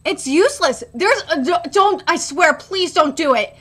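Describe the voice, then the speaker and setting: A woman streaming a live manga reaction, rambling with many fillers and restarts, and getting loud and emotional when moved. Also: extremely high pitch, lively intonation, unhurried.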